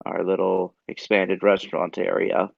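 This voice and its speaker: A man's voice: low-pitched, completely flat delivery, normal speed, vocal fry, no room sound. A man chatting casually on a podcast, laid-back and a little hesitant. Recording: dull lo-fi mic.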